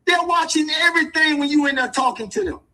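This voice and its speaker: A man's voice: very high-pitched, fast, pushed and bright, low-quality recording. A man talking in an impassioned, street-wise way, hammering his points with repetition like a lecture. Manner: emphatic and repetitive, preachy.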